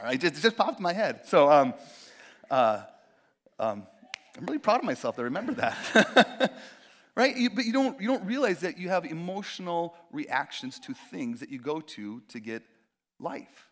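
Guy preaching, chatty and animated, voice sits a bit high and jumps all over, acts out little voices. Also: moderate pace. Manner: animated, acts out quotes, jokey asides. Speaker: pastor. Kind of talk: sermon.

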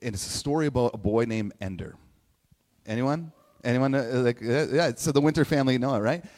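A man telling a personal story in a sermon, chatty and animated, acting out quotes in playful voices. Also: mid-range voice, a little fast. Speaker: speaker giving a message to a congregation. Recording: long hall reverb.

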